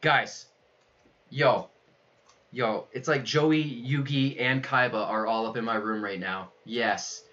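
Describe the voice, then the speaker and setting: A young man livestreaming a card unboxing, excitable and loud, saying yo over and over and laughing as he goes. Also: mid-range voice, unhurried, few pauses, dull audio. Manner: hyped, keeps saying yo, yells and laughs. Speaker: streamer unboxing trading cards. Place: his room at home.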